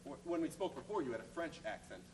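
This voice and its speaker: A man's voice: fairly high pitch, very animated, fast, darkish tone. A man playing a wry, sarcastic quest hero. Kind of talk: amateur stage comedy. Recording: roomy stage audio from far off, noisy.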